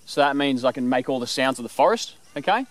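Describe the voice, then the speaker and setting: A fast-talking man with an expressive, medium-pitched voice and no echo explains animal calls as a presenter teaching mimicry. His casual talk rambles loosely, broken now and then by bird imitations.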